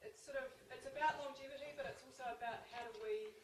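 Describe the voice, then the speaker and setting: A woman's voice: sits high, fast. Thoughtful woman asking a panel. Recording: echoey far-off room with hiss.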